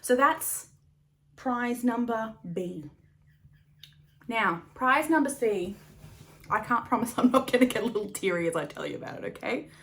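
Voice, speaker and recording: A woman's voice: fairly high pitch, expressive, normal speed, long pauses, a bit bright. A woman hosting a knitting podcast in a casual, rambling chat, laughing often and swearing now and then. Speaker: podcast host.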